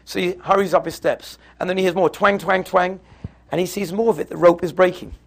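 A man's voice: high-pitched, steady tone, brisk, creaky. A man giving a Torah lesson, explaining texts step by step in a conversational, storytelling way. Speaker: Torah teacher.

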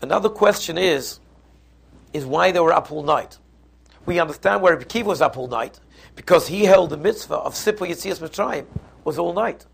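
A man's voice: a little high, animated, normal speed, gravelly, breathy edge. A man, teaching a Passover Torah class and explaining it step by step, with frequent restarts. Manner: explanatory, mixes Hebrew and Yiddish terms, frequent restarts. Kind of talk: Torah lecture.

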